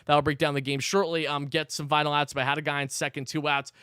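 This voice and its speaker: A man hosts a live postgame recap, fired up and cursing as he breaks down the game. His voice sits a little high and comes through smooth and clean. The sound is dry and close, with no room around it. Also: level tone, quick pace, pushed and bright, no room sound. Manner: fired-up, swears, rants between recap. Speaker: sports channel host.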